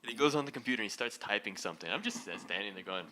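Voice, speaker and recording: A man with a low voice and a bright, forceful edge tells a story to an audience, acting out each exchange. His pitch swings widely as he talks, and he laughs often. A faint hiss sits underneath. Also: rapid-fire. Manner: animated, laughing as he acts out the story. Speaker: speaker leading a heart talk. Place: event hall.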